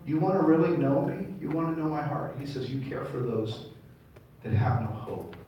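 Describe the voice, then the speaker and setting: A man's voice: fairly high pitch, expressive, moderate pace, lo-fi sound, slight background noise. Male rabbi, sermon, call-and-response; roomy distant hall sound. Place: large congregation hall. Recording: echoey hall, mic far off.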